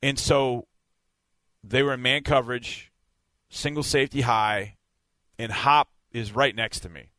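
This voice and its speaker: A man, a sideline reporter, telling a game story in a casual, animated way on a sports podcast. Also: mid-range voice, a little slow, pauses often, no echo. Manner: animated, vivid play-by-play retelling.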